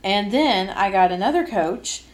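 Lively young woman telling podcast stories. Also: medium pitch, unhurried. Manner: lively, laughing storyteller. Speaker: podcast host. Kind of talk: casual podcast storytelling.

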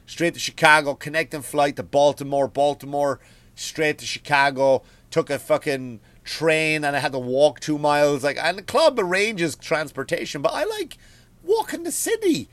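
Irish male comic, slightly high voice, dry close sound, swearing and animated in his storytelling rant. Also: moderate pace, no echo. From Ireland. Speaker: comedian and podcast host. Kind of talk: comedic rant.

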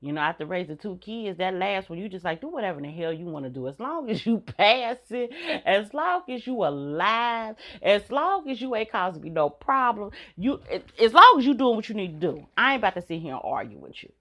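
A woman's voice: medium pitch, sing-song, fairly quick, few pauses, a bit bright. A middle-aged woman, hosting a podcast and telling stories bluntly with frequent swearing and laughs. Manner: blunt, swears freely, laughs between points. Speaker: podcast host. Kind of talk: candid storytelling monologue.

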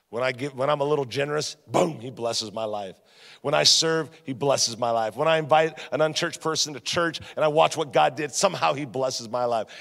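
A man preaching a sermon as a guest pastor, with repeated refrains and storytelling, jumping from loud punchy emphasis to quiet, low-spoken lines. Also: gravelly. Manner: energetic preaching, swings between loud emphasis and quiet drops. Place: church sanctuary. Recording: long reverb of a church hall.

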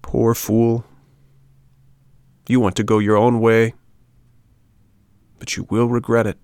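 A man voicing a sorrowful donkey who warns in a hushed, mournful voice. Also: mid-range voice, level tone, slow pace, clear, resonant tone, dry recording, clean studio sound. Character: sorrowful weeping donkey, low and warning.

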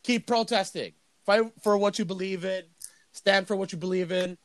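A man's voice: high voice, steady tone, moderate pace, dry recording. A young man co-hosting a casual podcast, talking in loose, profane, joking rants. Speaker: podcast co-host. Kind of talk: casual crude podcast chat.

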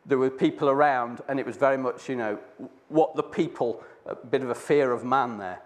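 A man with a mid-range voice, at a moderate pace, recounts a Bible story conversationally as he shares a reflection. His telling rambles with frequent restarts, and he performs the characters' lines in quotes.

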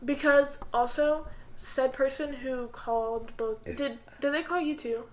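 A young woman with a high voice chatting with friends. She giggles easily and keeps picking up and repeating what the others say. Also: fairly even intonation, a little slow. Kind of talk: casual chat among friends.

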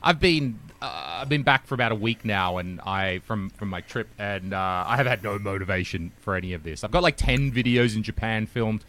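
A man's voice: fairly low pitch, moderate pace, hardly any pauses, a bit bright. A man hosting a casual podcast chat, wry and teasing.

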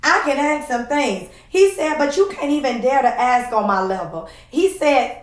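Emotional woman preaching with a high voice. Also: expressive, normal speed, hardly any pauses, reverberant. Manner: emotional, preacherly, says "y'all" often. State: close to tears. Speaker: podcast host. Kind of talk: devotional podcast.

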